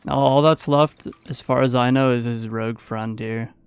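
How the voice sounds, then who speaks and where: A man's voice: mid-range voice, fairly even intonation, normal speed, clean tone, no room sound. A man giving a casual, playful play-by-play voice-over of his own gameplay as a gaming YouTuber.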